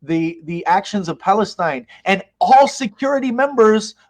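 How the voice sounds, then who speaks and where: A mosque leader talks in a conversational interview with a high, expressive voice at a moderate speed. He speaks emphatically and with feeling, vividly narrating what took place.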